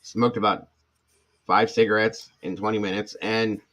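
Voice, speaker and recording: Flat in delivery, a lowish, fairly bright male voice moves at a moderate pace. He's a middle-aged man who used to be a firefighter and paramedic, casually and candidly addressing viewers in a rambling manner full of asides and restarts.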